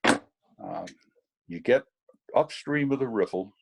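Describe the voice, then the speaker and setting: A man's voice: medium pitch, animated, slow pace, creaky, slightly rough, poor audio. A man teaching fly fishing over a video call, telling a rambling story full of fillers. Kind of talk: anecdotal teaching demo.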